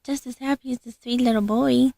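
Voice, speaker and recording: A woman with a fairly high, gravelly voice talks slowly through a casual show-and-tell vlog. She gushes over each item with affection and often breaks into soft laughs. The sound is dry and close. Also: fairly even intonation, no room sound. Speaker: doll collector showing reborn dolls.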